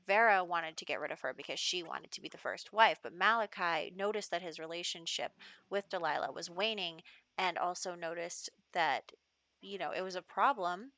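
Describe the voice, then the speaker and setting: A woman narrates her game's storyline in a chatty, easygoing style, with plenty of "you know" and "um". Her voice is lowish yet bright and forward, and it is recorded dry and close with hardly any room sound. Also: dry recording. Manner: chatty, storytelling with many fillers. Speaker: gaming channel host. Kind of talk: let's play narration.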